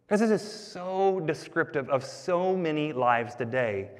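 A man preaching a sermon as the pastor, talking to the congregation in a conversational, animated way. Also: fairly high pitch, measured pace, few pauses, in a large hall.

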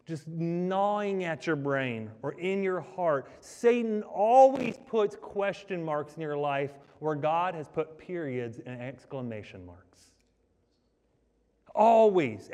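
Man, pastor, fairly high voice, emphatic sermon, rhetorical questions, long hall reverb. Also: a little mellow.

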